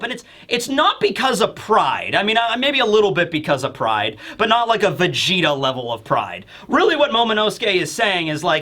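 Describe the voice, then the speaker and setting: A man reviewing a manga chapter in casual chat, animated and acting out the characters. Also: high voice, brisk, hardly any pauses.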